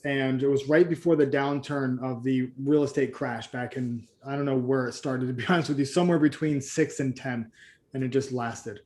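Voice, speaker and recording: A man's voice: medium pitch, darkish tone. A man leading a live group coaching call, telling stories and acting out the voices of the people in them. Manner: storytelling, acts out quoted voices. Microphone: video call.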